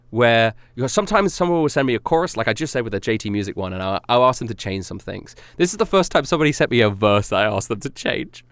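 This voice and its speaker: A man talking casually on a stream, rambling through his own songs and judging them with self-critical honesty. His voice swings widely in pitch as he gets animated. The sound is close and dry with no room around it. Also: no room sound.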